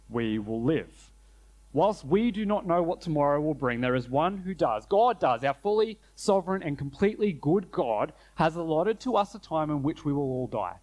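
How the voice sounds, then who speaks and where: A man preaching a sermon, earnest, slowing down and dropping low to stress key phrases. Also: a little mellow. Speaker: pastor.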